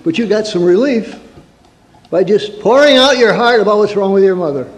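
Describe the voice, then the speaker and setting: Speaking at normal speed in a high, expressive voice, this man, a counselor, delivers a funny sermon-like talk. He tells stories, poses rhetorical questions, and throws in mock-angry asides, all captured in a reverberant hall.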